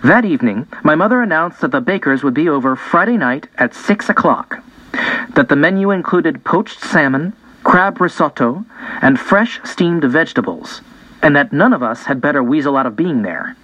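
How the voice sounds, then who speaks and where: A man's voice: on the high side, expressive, normal speed, fairly bright tone, dry recording. A man reading a first-person audiobook in a casual, conversational way. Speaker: audiobook narrator. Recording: dull, dry lo-fi recording.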